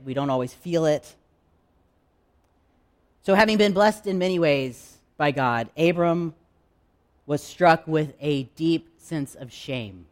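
A man preaching a sermon in a candid, conversational way, with dramatic pauses. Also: fairly high pitch. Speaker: pastor.

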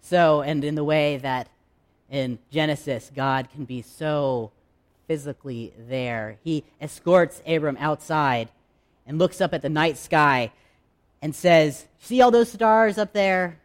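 A male pastor delivers a sermon to his congregation. His voice sits a little high for a man, and he talks candidly and conversationally, pausing for effect. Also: fairly even intonation. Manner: conversational, candid preaching with dramatic pauses.

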